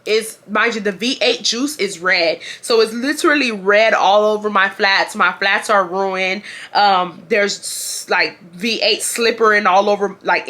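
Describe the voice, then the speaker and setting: A woman in her twenties from Houston, telling a casual storytime in an animated, emphatic way that repeats lines for effect. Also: medium pitch. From Houston, Texas. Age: 20s. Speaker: vlogger.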